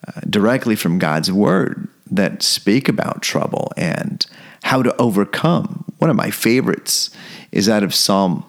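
A man's voice: lowish voice, lively intonation, a little slow, gravelly. A man preaching a devotional sermon, earnest, repeating phrases and building toward fervor.

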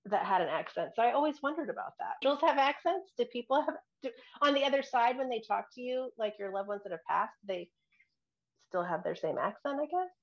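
A woman recounts a personal experience in casual conversation. She talks in an excitable, chatty way and giggles easily. Her voice comes through slightly dull and lo-fi. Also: mid-range voice. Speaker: member asking questions. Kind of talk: casual chat.

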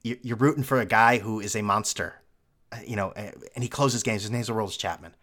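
A man's voice: on the low side, fairly quick, a bit bright. A young man hosting a solo sports podcast, ranting in a sarcastic, mocking way. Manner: sarcastic, mocking, with mimicked fan voices. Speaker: podcast host.

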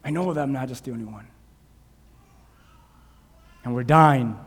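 A man preaching a sermon, animated, acting out shouted voices from Bible stories. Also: medium pitch, measured pace, husky. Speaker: pastor. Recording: long hall reverb.

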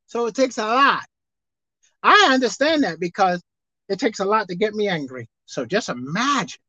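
A woman pastor preaching a sermon, swinging from soft, quiet asides to shouted emphasis. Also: a little high, very animated, moderate pace, no room sound. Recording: dull dry sound.

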